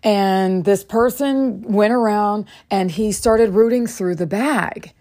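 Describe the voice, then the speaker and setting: A woman hosting a podcast, telling a personal story in a casual, animated way and acting out the dialogue. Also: medium pitch. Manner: animated, acts out dialogue with quick bursts. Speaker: podcast host.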